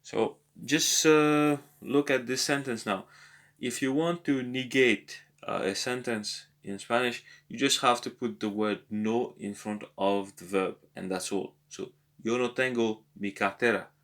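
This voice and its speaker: A man talking through a language exercise, thinking aloud in a hesitant way and slowly sounding out foreign words. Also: mid-range voice, fairly even intonation, a bit bright. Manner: hesitant, thinking aloud with many pauses and repeats. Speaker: language lesson vlogger working through exercises. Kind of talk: casual think-aloud tutorial.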